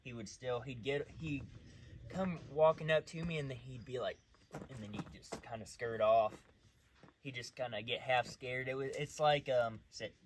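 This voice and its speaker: A man's voice: medium pitch, normal speed, a little hiss or hum. A man who trains dogs, talking casually while working a dog outdoors at night, mixing loose explanations with short, firm commands.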